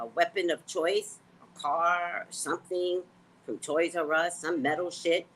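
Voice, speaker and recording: A woman hosting a casual livestream, talking to her viewers in a blunt, profane, animated way. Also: fairly low pitch, low-quality recording. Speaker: psychic reader and livestream host.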